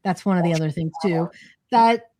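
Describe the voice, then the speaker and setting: A woman's voice: lowish voice, normal speed, mellow. A woman co-hosting a podcast who interviews a guest with eager, inquisitive questions. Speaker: podcast co-host.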